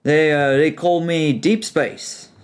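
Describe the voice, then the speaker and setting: A man's voice: a little high, fairly even intonation, takes it slowly, smooth, pitched above the performer's own voice. A man voicing a jovial, thickly bearded male dwarf leader with a New Zealand accent. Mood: friendly. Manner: friendly, hearty.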